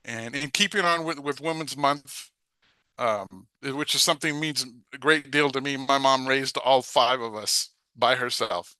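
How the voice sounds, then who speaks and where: A man's voice: mid-range voice, measured pace, sharp tone, no echo. An older man, an open mic performer, doing a poetry reading over a video call, hesitant between poems.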